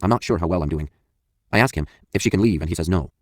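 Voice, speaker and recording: A man with a very deep voice narrates a first-person memoir audiobook at a rapid clip. His delivery is blunt and confessional, and he swears freely. The recording is dry and close, with no room sound. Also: dry recording.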